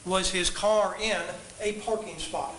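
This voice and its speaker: Bright-voiced man questioning in court. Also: high-pitched, steady tone, slight background noise, rough recording. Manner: measured, polite, leading questions. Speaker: trial attorney questioning a witness. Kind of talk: courtroom examination.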